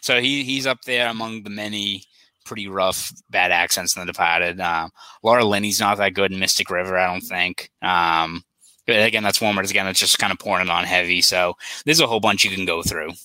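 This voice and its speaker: A man chats loosely on a podcast, his voice very bright and forward. He speaks a little low, with a dry, close sound and no room around him. He rambles, circles back and fills gaps with "like" and short laughs. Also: fairly even intonation, brisk, clean tone, no room sound, poor audio. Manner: rambling, filler-heavy, laughs while talking. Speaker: podcast co-host. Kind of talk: casual chat.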